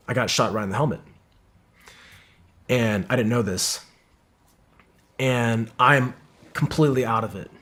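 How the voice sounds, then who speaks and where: His voice sits at medium pitch with a fairly bright tone. As a guest on a podcast, he tells a gripping combat story full of profanity, voicing the dialogue of his teammates.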